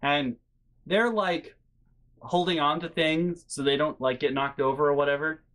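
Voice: mid-range voice, steady tone, normal speed, fairly bright tone. A vlogger telling a casual story from their bedroom, rambling with many fillers, swearing freely, and sounding exasperated and incredulous. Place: bedroom at home.

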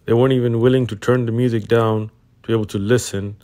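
A man giving calm, explanatory voice-over commentary on a street encounter. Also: mid-range voice, quick pace. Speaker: narrator.

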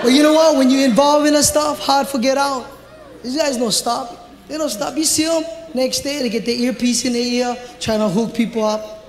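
A high-pitched man with a Hawaii Pidgin-inflected accent doing animated stand-up, punching his lines with shouts. He is heard in a large theater with a long hall reverb and a loud laughing crowd. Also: moderate pace, slight background noise. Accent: Hawaii Pidgin-inflected English. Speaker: stand-up comedian. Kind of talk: live stand-up comedy.

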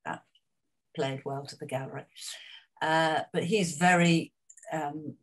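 An older woman with a notably low, deep voice, telling stories from her career at an easy conversational clip. She wanders into asides and fillers, chatty and unhurried. Her tone is frank and anecdotal. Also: fairly even intonation. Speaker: actress interviewee. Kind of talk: reflective career interview.

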